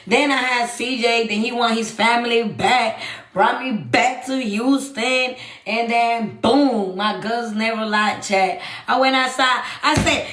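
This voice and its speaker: A young woman telling a story on a live stream, animated and profane, often calling out to her chat. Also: fairly high pitch, a little slow, reverberant. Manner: animated, swears freely, keeps addressing the chat. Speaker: livestream host.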